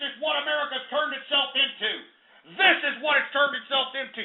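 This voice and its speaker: Ranting high-voiced male radio host. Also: normal speed. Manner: profane, ranting, swings from muttering to shouting. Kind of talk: angry talk radio rant. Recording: tinny phone-like radio broadcast.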